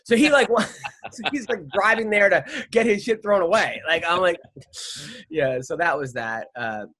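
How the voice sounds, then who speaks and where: A man's voice: sits high, normal speed, sharp tone. A middle-aged man hosting a podcast, telling a rambling story in casual chat, stammering, restarting and swearing freely. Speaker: podcast host.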